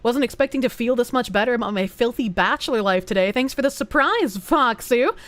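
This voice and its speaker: Young woman streamer, fairly high voice, dry close sound, casual and profane, reads out donations and chats. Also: lively intonation, brisk, fairly bright tone, no echo. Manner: reads donation messages aloud, thanks supporters, swears casually. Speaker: streamer reading chat. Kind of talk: casual livestream chat.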